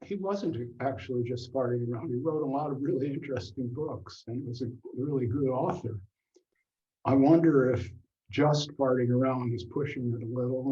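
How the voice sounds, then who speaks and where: A man's voice: mid-range voice, mellow. An older man in frank, unguarded casual conversation, speaking plainly and sometimes swearing for emphasis. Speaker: guest. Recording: dull lo-fi sound.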